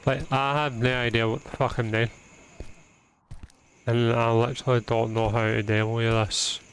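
A man's voice: medium pitch, flat delivery, normal speed, a little hiss or hum. A young man giving profane, exasperated commentary while playing a video game. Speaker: gaming channel host. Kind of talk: let's play commentary.

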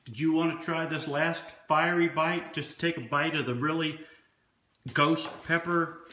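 A man casually reviewing fast food on camera, tasting and commenting between bites. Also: a little high, fairly even intonation, pushed and bright.

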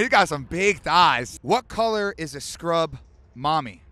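A man hosting street interviews outdoors at a stadium parking lot, loud, profane and full of hype-man energy. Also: fairly high pitch, lively intonation, measured pace, dry recording. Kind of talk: hyped vox-pop interviewing. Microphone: handheld mic.

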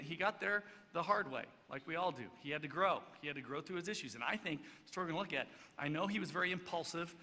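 A man's voice: a little high, sharp tone, a little hiss or hum. A man preaching a sermon in a conversational way, with rhetorical questions and restarts. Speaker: pastor. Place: church. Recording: long church hall reverb.

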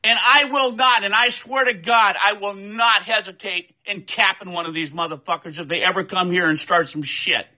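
A man's voice: high voice, steady tone, normal speed, few pauses, pushed and bright, low-quality recording. A furious man ranting to his social media followers, swearing often and demanding that his video be shared. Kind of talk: angry profane rant to camera.

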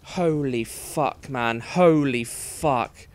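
A man's voice: medium pitch, drawn-out words, background noise. Exasperated man swearing at a game. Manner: frustrated, swears a lot, exasperated outbursts. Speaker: let's play streamer. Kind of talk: live gameplay commentary.

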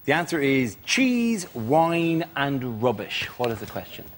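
A male host briskly moving a comedy panel show along between rounds. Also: mid-range voice, sing-song. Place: TV studio. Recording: loud studio audience.

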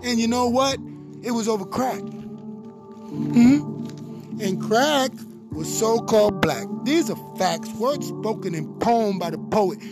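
A man's voice: sits high, slow pace, pauses often, over loud music. A middle-aged man performing rhythmic, preachy spoken-word political poetry, hammering points with repetitions.

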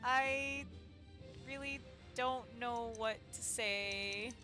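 A woman's voice: on the high side, very slow, music in the background. A young woman streamer chatting casually with viewers, giggly, flustered and emotional. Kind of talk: casual live-stream chat.

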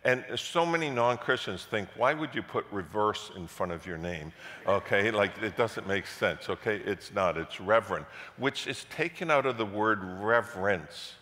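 Lively pastor preaching in an echoey church. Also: male voice, fairly low pitch, moderate pace. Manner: animated storytelling, repeats words, rises to loud passionate peaks. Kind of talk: sermon storytelling. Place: church sanctuary.

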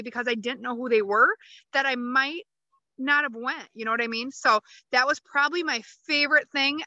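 A woman's voice: a little high, bright, forceful tone, no echo. A woman chatting on a video call as a panel guest, explaining her point step by step. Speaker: sales consultant on a panel. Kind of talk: casual chat on a video call. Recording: dull, lo-fi video call audio.

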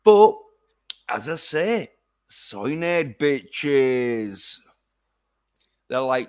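A man's voice: mid-range voice, big pitch swings, drawn-out words, long pauses, a little mellow, smooth. A man ranting profanely in a casual livestream. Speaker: vlogger.

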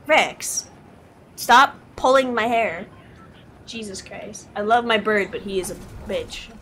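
Young woman swearing through a game. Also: mid-range voice. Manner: loud swearing outbursts, quick laughs. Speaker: gaming YouTuber. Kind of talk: casual gaming commentary.

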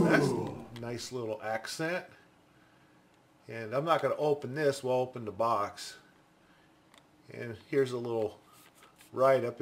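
Chatty excited guy unboxing pencils, kinda high voice, takes his time. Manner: enthusiastic, chatty, thinking aloud. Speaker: pencil reviewer. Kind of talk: casual unboxing commentary.

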